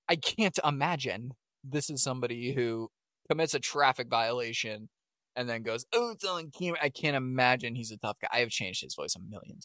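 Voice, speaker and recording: Lively, sarcastic male podcast co-host. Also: mid-range voice, dry recording, clean studio sound. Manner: animated, sarcastic, laughs often. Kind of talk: casual chat.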